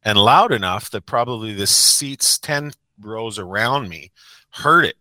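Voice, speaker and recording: A man's voice: on the low side, lively intonation, unhurried, pushed and bright, no echo. A man who coaches a sports team, telling a rambling, self-mocking story in a casual podcast chat.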